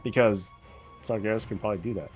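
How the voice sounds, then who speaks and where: A man's voice: lowish voice, fast, a little mellow, faint music behind. A man streaming, chatting casually, rambling and joking, swearing freely. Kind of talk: casual chat.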